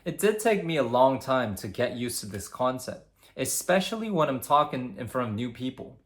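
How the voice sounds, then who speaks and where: A young man speaking straight to camera as a communication coach, with lively, demonstrative explaining. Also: medium pitch, normal speed. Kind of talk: instructional talk to camera.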